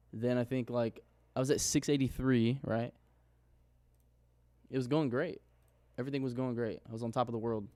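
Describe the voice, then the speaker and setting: A young forex trader vlogger recaps his trades in a casual screen-share video, rambling candidly and swearing casually. His mid-range voice has a darkish tone, with no echo.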